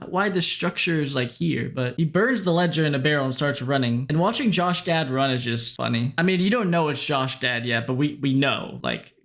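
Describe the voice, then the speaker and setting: A man's voice: medium pitch, big pitch swings, moderate pace, hardly any pauses, a bit bright. A man giving a comedic movie recap in a goofy, sarcastic way, swearing and joking as he goes.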